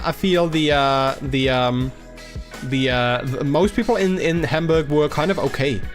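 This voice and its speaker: Rambling young man streaming over soft music. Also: on the high side. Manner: rambling, halting, many restarts and fillers; acts out quoted people in a raised voice. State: a little under the weather. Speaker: livestream host. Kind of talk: casual livestream chat.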